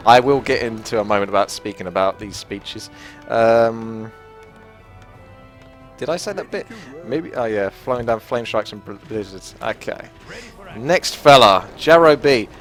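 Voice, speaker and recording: A man's voice: lowish voice, unhurried, faint music behind. A man giving casual gameplay commentary, chatty and self-deprecating, often laughing at himself. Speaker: gaming commentator.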